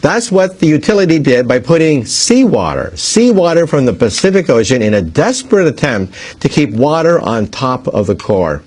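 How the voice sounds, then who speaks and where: Husky man explaining with lively pitch. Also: normal speed, few pauses. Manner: explains through extended everyday analogies. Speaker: expert explaining a nuclear accident. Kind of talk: explanatory interview speech.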